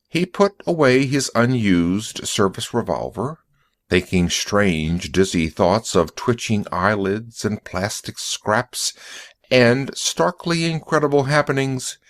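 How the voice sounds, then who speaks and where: A man narrating a story in a slow, clear audiobook reading for English learners. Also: lowish voice, lively intonation. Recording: dry close recording.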